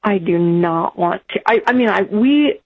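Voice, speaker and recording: A woman's voice: medium pitch, animated. Emotional woman caller on a tinny phone line. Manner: halting, emotional, with restarts. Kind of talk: call-in conversation.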